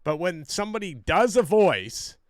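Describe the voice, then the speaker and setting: A man's voice: high-pitched, sing-song, moderate pace, no echo, clean studio sound. A man hosting a stream, chatting casually and bluntly while watching comedy clips, with some swearing. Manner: blunt, profane commentary. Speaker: streamer host.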